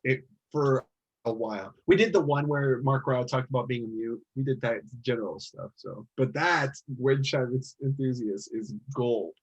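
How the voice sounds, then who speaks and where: A man hosts a casual podcast chat, reacting with exclamations and asking loose, rambling questions. His voice is a little husky, at a middling pitch. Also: normal speed, lo-fi sound. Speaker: podcast host.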